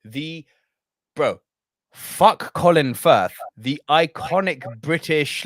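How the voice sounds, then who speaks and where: A young man co-hosting a casual podcast, talking in an animated, emphatic way with plenty of swearing. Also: on the high side, slow, dry recording, clean studio sound. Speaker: podcast co-host.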